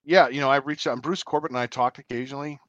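A man's voice: medium pitch, steady tone, rapid-fire, fairly bright tone, dry recording, muffled recording. A man co-hosting a casual podcast chat, telling stories in a rambling, hesitant way with many fillers. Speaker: podcast co-host.

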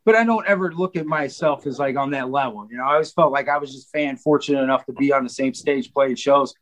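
A man's voice: mid-range voice, fast, a bit bright, rough recording. A man telling stories in a casual podcast chat, rambling with many fillers and quoted asides. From Cleveland, Ohio. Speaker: guest drummer.

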